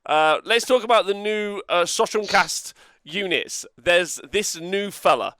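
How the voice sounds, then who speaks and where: A man's voice: high voice, pushed and bright, no echo, studio quality. A man hosting a casual group chat, playful and often laughing. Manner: laughs a lot, quick and playful. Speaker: podcast host.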